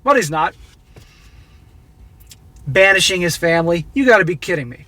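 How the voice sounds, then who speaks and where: A man's voice: sits high, expressive, normal speed, sharp tone, no room sound. A middle-aged man hosting a commentary channel, giving a blunt, exasperated, preachy monologue about a story he reads out. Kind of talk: opinionated monologue reacting to a read-out story.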